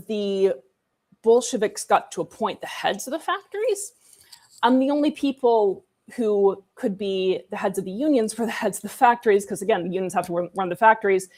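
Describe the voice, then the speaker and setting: A woman co-hosting a casual history discussion, chatty and irreverent, with sarcastic asides. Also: mid-range voice. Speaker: co-host.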